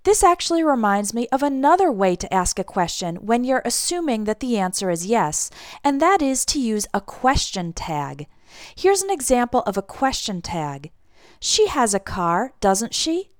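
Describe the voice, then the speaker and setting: A woman teaching an English lesson, speaking clearly and deliberately as she explains and models example phrases. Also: fairly high pitch, sing-song, no echo, studio quality. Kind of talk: scripted language lesson.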